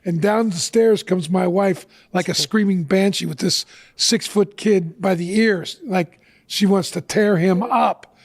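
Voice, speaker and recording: A man's voice: high-pitched, measured pace. A middle-aged man telling a personal story as a guest on an interview show, earnestly acting out the lines of the people in it.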